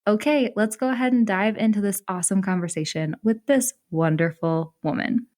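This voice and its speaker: A woman opens her podcast episode in a bubbly, chatty voice. She talks in a loose, friendly way, full of casual fillers, at an ordinary pitch for a woman. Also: moderate pace, darkish tone. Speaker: podcast host. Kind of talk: upbeat podcast intro.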